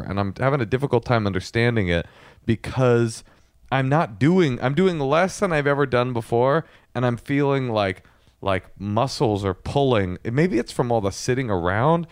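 A man's voice: medium pitch, sing-song, normal speed, clear, resonant tone, no echo, studio quality. A man co-hosting a podcast, chatting casually and joking in a playful, exaggerated way. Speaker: podcast co-host. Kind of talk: casual comedic chat.

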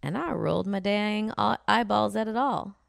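Blunt woman with a gravelly voice. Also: mid-range voice, normal speed, no echo, studio quality. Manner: blunt, frank, giggly. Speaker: podcast co-host. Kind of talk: comedic casual chat.

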